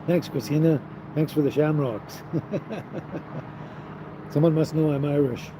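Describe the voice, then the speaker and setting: A man's voice: a little high, fairly even intonation, measured pace. A man hosting a casual livestream, reading and answering viewer chat in an easygoing way, often chuckling and trailing off with fillers. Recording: outdoor livestream with noticeable traffic noise.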